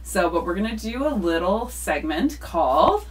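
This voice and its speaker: Giggly woman with a lively voice. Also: medium pitch, moderate pace, vocal fry, recorded from a distance. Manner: giggly, self-deprecating. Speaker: co-host. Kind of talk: casual comedic chat.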